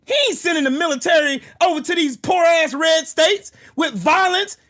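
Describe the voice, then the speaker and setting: High-voiced man on a profane political rant. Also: normal speed. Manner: profane, combative, bursts into shouting. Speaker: political commentary channel host.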